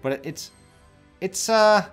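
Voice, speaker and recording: Woman co-host with an unusually deep voice, lively and bright, wry asides in a casual gaming chat. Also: normal speed, faint music behind. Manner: wry, joking asides, hedging opinions. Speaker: let's play co-host.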